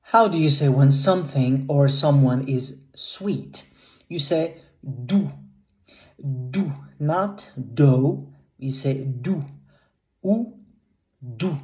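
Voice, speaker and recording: A woman teaching French vocabulary, saying each word slowly and carefully and repeating it. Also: extremely low pitch, mellow.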